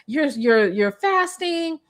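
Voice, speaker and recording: A woman's voice: high voice, expressive, takes it slowly, voice pushed up. Woman playing pushy but sweet female client, raised voice. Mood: coaxing. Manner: coaxing, insistent. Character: coaxing woman salon client, reassuring.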